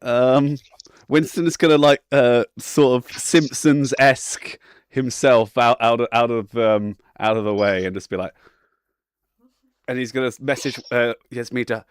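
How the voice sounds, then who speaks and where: A man's voice: mid-range voice, steady tone, unhurried, smooth, dry recording. Give me a man at a tabletop game, laughing and stammering, with a dry sound. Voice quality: laughs a lot, stammers with fillers. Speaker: player. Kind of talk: tabletop role-play.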